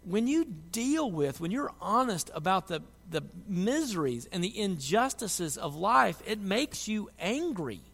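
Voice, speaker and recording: A man preaching a sermon, moving from quiet reflection to loud, impassioned pleading. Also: high voice, sing-song, a little slow, creaky, hardly any pauses. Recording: long hall reverb.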